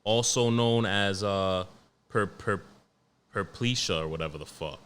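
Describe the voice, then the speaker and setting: A man in his late twenties hosting a podcast alone, talking in a profane, rambling, animated way. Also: fairly low pitch, unhurried, clean tone. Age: 20s. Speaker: podcast host. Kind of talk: casual solo podcast rant.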